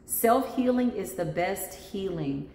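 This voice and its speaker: A woman, an intuitive spiritual practitioner, telling her story animatedly in a vlog and slowing down to give soothing spiritual advice. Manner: animated, acts out callers in jumpy high voices; slow and soothing when giving spiritual advice. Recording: echoey room with long reverb and faint noise.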